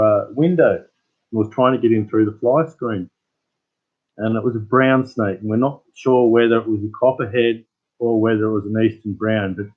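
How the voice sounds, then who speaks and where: A man's voice: mid-range voice, phone-quality sound. An Australian man hosting his channel, chatting casually with live viewers as a rambling, laid-back storyteller. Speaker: channel host.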